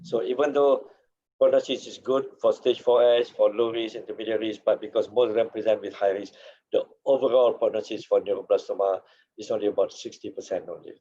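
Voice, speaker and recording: A man teaching a seminar as a paediatrics lecturer, losing his voice, with a hoarse tone and frequent "okay" and "yeah" tags. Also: fairly low pitch, fairly even intonation, a little fast, warm tone, muffled recording. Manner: accented English, drops "okay" and "yeah" tags.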